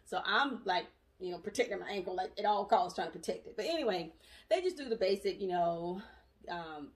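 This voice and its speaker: A young adult woman telling her story in a casual, animated vlog, chatty and full of asides. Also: mid-range voice, a little fast. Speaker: vlogger. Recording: voice distant from the mic.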